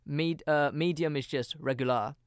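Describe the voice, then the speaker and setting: A man with a Brummie accent co-hosting a casual podcast, self-deprecating and halting with restarts. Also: fairly high pitch, clear, resonant tone, no room sound, clean studio sound. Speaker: podcast co-host.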